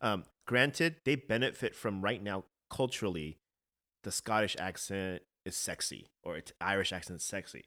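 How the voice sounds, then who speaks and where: A man's voice: low-pitched, normal speed, bright, forceful tone. A man co-hosting a podcast, giving his opinions in a casual, earnest way and often repeating words as he starts a point. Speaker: podcast co-host.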